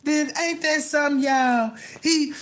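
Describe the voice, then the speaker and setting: A man's voice: extremely high pitch, unhurried, fairly bright tone. A man telling loose, profane stories on a live stream, laughing often and tossing in constant asides. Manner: laughs often while talking. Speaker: livestream host. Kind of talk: rambling live-stream rant.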